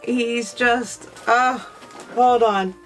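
Soft background music plays under a rough recording of a woman with a slightly high, steady voice who draws out her words. Reviewing collectibles, she unboxes a figure for her viewers, excited and emotional.

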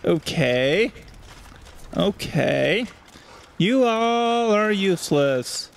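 A man's voice: fairly high pitch, animated, takes it slowly, soft background music. A man hosting a let's play, giving sarcastic, joking commentary as he plays a video game. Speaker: gaming channel host.

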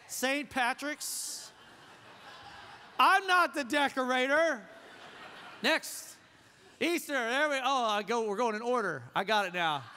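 A man's voice: sits high, bright, forceful tone, clear, resonant tone, long reverb tail. A man preaching a sermon as pastor, conversational and joking, often asking the congregation questions. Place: church sanctuary.

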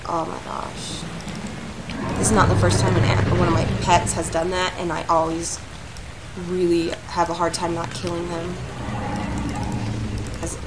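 Gravelly-voiced woman muttering through gameplay. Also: lowish voice, very noisy. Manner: talks to her game animals, erupts into shouted anger. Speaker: gaming channel host. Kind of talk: solo gameplay commentary.

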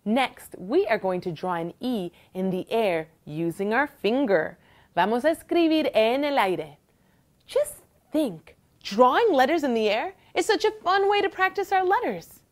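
A woman hosting a bilingual children's lesson, speaking in an encouraging sing-song way. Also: on the high side. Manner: slow, lively, encouraging sing-song delivery. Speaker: children's teacher host.

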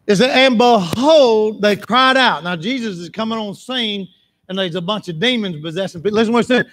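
A man preaching a sermon in church, impassioned, repeating phrases for emphasis and breaking into shouts. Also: sits high, quick pace, slight background noise.

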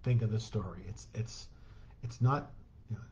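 Man telling a lively chaplaincy story. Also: lowish voice, normal speed, highs cut off. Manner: animated storyteller who acts out quoted voices with chuckles. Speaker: hospital chaplain volunteer sharing a story in a church talk. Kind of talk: conversational church talk, storytelling.

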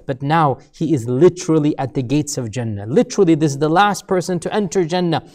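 Telling a story from the pulpit, a man preaches with emphatic, repeated phrases that build in intensity before dropping to a low, hushed voice.

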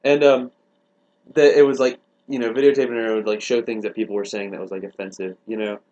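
A man's voice: lowish voice, flat delivery, quick pace, warm tone, muffled recording. A man in casual comedic chat, rambling in a dry, wry way. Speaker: podcast co-host.

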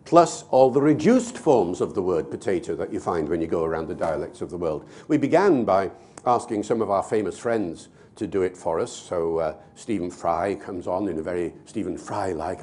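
An older man, a linguist, explaining points in a lively, conversational way with the odd filler. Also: low-pitched, moderate pace, a little hiss or hum. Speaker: linguist guest.

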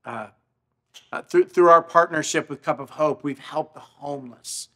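A man's voice: a little high, moderate pace, a bit bright. A male pastor telling a story in a sermon, earnest, often repeating his words as he speaks. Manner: stammering repetitions, earnest.

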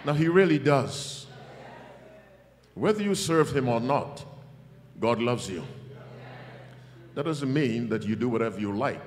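A man's voice: mid-range voice, lively intonation, unhurried, long pauses, in a large hall. A man preaching a revival sermon to a congregation, emphatic and calling for their responses. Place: church hall.

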